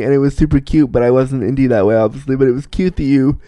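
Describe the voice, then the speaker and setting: A young man telling a personal story in a casual, animated, self-mocking way, laughing often. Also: medium pitch, fast, no room sound.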